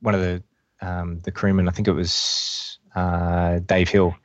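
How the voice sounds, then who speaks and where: A man, a helicopter pilot, telling a rescue story in a halting way with many fillers. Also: low-pitched, flat delivery, no room sound. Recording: dull lo-fi dry sound.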